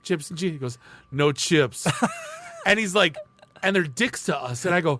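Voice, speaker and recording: A man co-hosting a podcast, telling stories in an animated way and swearing freely. He is from the Detroit area. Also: fairly high pitch, normal speed, pauses often, no echo. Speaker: podcast co-host. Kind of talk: casual chat, storytelling.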